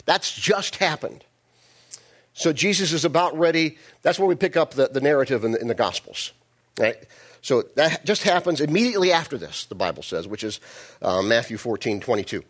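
A man's voice: mid-range voice, expressive, a little fast. A male pastor giving a sermon, telling the story in a folksy, joking way with many restarts.

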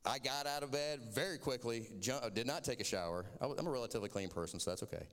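A man's voice: mid-range voice, quick pace, a bit bright, in a large hall. A man from Florida with a Southern accent, giving a sermon as a chatty, self-mocking personal story.

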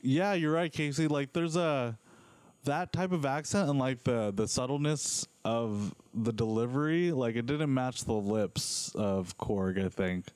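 Smooth-voiced man hosting casual chat. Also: medium pitch, a little slow, darkish tone, no room sound. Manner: chatty, rambling, frequent fillers.

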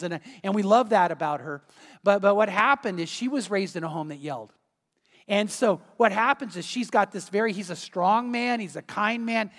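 A man preaching a sermon as pastor, earnest and emphatic, sometimes dropping to a quiet, intense tone. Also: high-pitched. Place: church sanctuary. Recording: long hall reverb.

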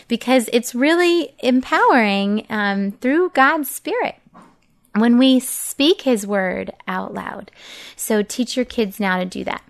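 A woman's voice: fairly high pitch, creaky. A woman in her thirties, a mother teaching other parents how to learn Bible verses with their children, talking casually, earnestly and encouragingly, and walking through each step.

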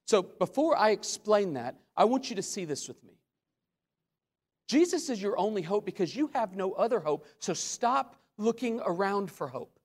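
A man preaching a sermon as a pastor, with dramatic swings between loud questions and hushed asides. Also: high voice, very animated, normal speed. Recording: long hall reverb.

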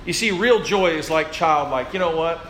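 A man's voice: fairly high pitch, normal speed, a bit bright, slight background noise. A male pastor preaching a sermon, emphatic and drawing call-and-response from the congregation.

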